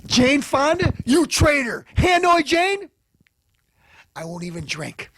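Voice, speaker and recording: A man hosting a comedy show, ranting and hurling insults, swinging between loud outbursts and low mutters. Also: very animated, measured pace, vocal fry, background noise. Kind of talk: ranting comic commentary.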